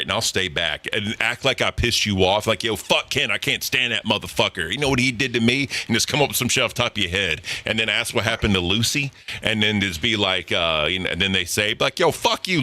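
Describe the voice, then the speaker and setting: A man's voice: lowish voice, brisk, pushed and bright. A man co-hosting a live stream, giving orders and hyping things up in profane banter. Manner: hyping, bossy directing. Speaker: streamer co-host. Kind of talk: casual group stream chat.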